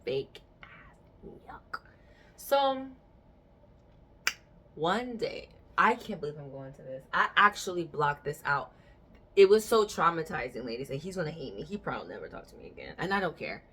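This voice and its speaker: A woman's voice: deep voice, very animated, fairly quick, fairly bright tone, husky. A young adult woman hosting a podcast, chatting casually and telling stories frankly with bursts of laughter. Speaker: podcast host.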